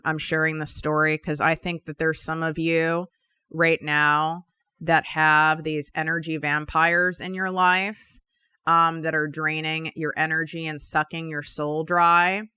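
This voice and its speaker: A woman's voice: on the low side, pushed and bright, clear, resonant tone, no echo, clean studio sound. A woman podcast host in her thirties telling a personal story in a candid, confiding way, emphatic and casually swearing.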